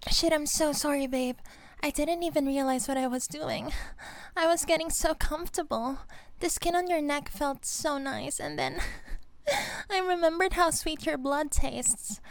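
A woman's voice: fairly high pitch, lively intonation, takes it slowly, long pauses. Woman playing a giggly vampire girlfriend. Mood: apologetic. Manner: giggly, teasing, affectionate. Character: young female vampire girlfriend, clingy and playful. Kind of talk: audio role-play to a listener.

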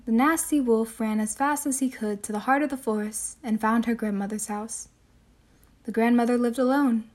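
Gentle woman reading a bedtime story. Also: a little high. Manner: gentle, soothing, measured narration.

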